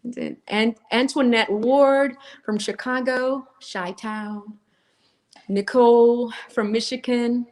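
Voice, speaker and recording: A woman's voice: a little high, steady tone, slow, a little mellow. A woman co-hosting a live stream, chatty and laughing as she greets viewers by name. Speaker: co-host. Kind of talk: live-stream chat, reading out viewer names.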